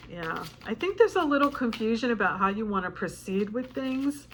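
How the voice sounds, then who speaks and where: A woman's voice: a little high, expressive, normal speed, fairly bright tone, slight background noise. A woman giving a casual tarot reading to camera, chatty and emotional, her voice choked up with tears. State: tearful, choked up. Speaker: tarot reader.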